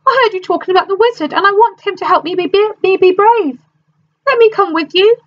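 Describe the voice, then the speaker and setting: A woman voicing a timid, frightened male lion in a storybook reading, pleading in a high, rushed voice. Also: muffled recording. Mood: scared pleading.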